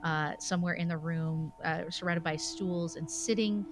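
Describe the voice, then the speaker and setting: A woman's voice: lowish voice, fairly even intonation, normal speed. Woman game master, scene-setting narration, soundtrack behind. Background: music.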